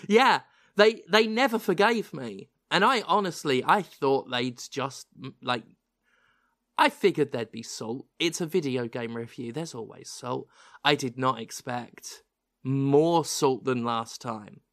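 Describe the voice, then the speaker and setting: A man with a British accent that carries a slight American hint, hosting a podcast in animated, self-mocking casual chat. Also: mid-range voice, a little slow, no echo, clean studio sound. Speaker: podcast host.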